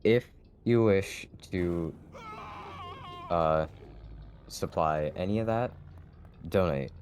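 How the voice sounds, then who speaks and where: A man reading an earnest charity appeal in a steady way. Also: deep voice, slow, a little hiss or hum.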